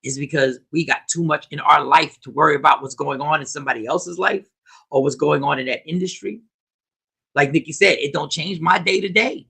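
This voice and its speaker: High gravelly man riffing to his chat. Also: brisk. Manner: animated, talks back to chat, repeats himself. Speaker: host. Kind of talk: casual livestream commentary.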